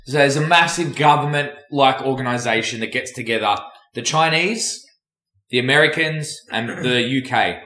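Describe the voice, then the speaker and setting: A man's voice: medium pitch, normal speed, pushed and bright. A man telling long, crude jokes in casual chat, swearing and laughing as he goes. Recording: echoey room.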